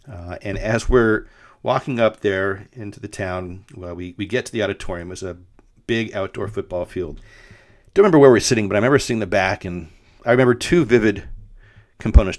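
A middle-aged man with a fairly low voice tells a story on his podcast, wandering and full of fillers. The sound is dry and close. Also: no room sound. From Denver, Colorado. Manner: rambling, with frequent fillers and restarts. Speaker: podcast host. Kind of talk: casual storytelling monologue.

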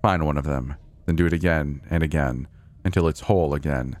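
A man voicing a sly, mustached stranger from the shadows who speaks calmly and smugly. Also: extremely low pitch, brisk, dry recording. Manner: calm, smug and sly.

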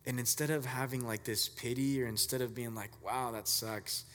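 A man giving a casual, conversational sermon as a pastor, telling stories in a relaxed, filler-heavy way. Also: medium pitch, brisk, long reverb tail.

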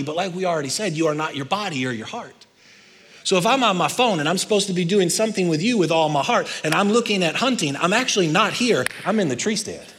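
A man preaching a sermon as pastor, swinging between loud urging and hushed intensity. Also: fairly high pitch. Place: large church hall. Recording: long reverb of a large hall.

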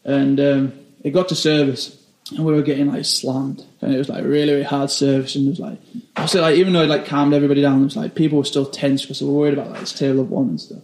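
A man's voice: medium pitch, steady tone, quick pace, a little mellow, reverberant, a little hiss or hum. Young British man, rambling with constant "like"s. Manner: rambling, says 'like' constantly. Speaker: chef. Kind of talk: casual interview storytelling.

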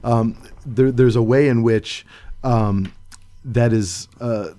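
A man hosting a podcast discussion, talking casually and haltingly with many fillers. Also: medium pitch, fairly even intonation, warm tone. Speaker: podcast host.

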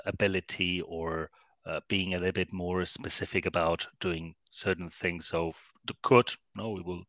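Deep, bright, hesitant man explaining grammar. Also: no room sound. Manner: hesitant, many "uh" fillers and tag "no?". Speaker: guest English teacher. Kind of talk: casual teaching chat.

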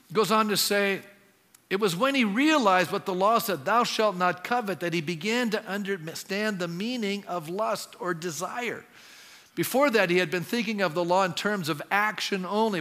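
Man, pastor, bright forceful voice, long reverb of a church hall. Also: sits high. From Canada. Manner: conversational preaching, asks the crowd questions. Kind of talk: sermon.

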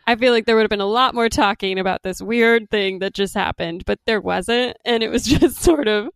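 A woman's voice: mid-range voice, fairly quick, smooth, no room sound, studio quality. A woman co-hosting a casual podcast about TV shows, giving opinionated takes with frequent "like" fillers. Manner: opinionated, laughs often, "like" fillers. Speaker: podcast co-host. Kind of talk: casual chat reviewing TV shows.

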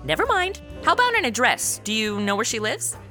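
Casting: a young woman, bright, lively, wisecracking detective narrator with soft music under. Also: fairly high pitch, brisk. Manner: sarcastic and wisecracking, slips into mock drawl. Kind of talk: comedic audio drama narration.

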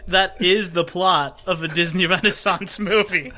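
Podcast co-host guy, bright punchy voice, always teasing and joking around. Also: high-pitched, steady tone, unhurried. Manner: jokey, teasing. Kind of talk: casual podcast chat.

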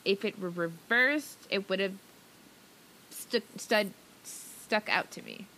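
A young woman with a bright, sharp voice at a middle pitch, co-hosting a relaxed podcast. She chats easily and tosses in joking asides with quick giggles. A faint hiss runs under the recording. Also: poor audio. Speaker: podcast co-host. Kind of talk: casual chat.

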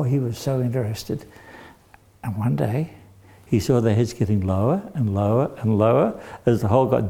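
An older man telling a dramatic story to children, animated and acting out the voices. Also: on the high side, vocal fry. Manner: animated, acts out voices with shouts.

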